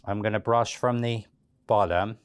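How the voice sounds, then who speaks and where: A man giving a relaxed, chatty step-by-step cake decorating tutorial, with frequent fillers and restarts. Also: on the low side, unhurried, smooth, no echo.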